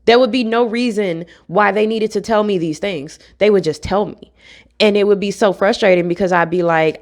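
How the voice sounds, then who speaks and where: A woman's voice: medium pitch, moderate pace. Blunt, profane woman ranting to camera. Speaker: vlogger.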